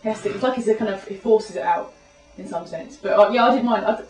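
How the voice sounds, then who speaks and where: A woman's voice: medium pitch, quick pace, darkish tone. A young woman, a student, chatting casually and rambling nervously with many restarts. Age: young adult. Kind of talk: casual chat. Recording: echoey room, mic far off.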